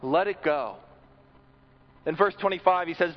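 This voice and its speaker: A man's voice: a little high, measured pace, pauses often, muffled recording. A man preaching a sermon in an earnest way, often repeating words as he builds a point.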